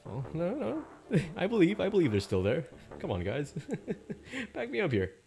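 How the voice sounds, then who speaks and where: A man's voice: a little high, huge pitch swings, moderate pace, gravelly, darkish tone. A young man casually playing through a game on a live stream, joking and reading character lines aloud into a desk mic. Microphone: desk mic with static.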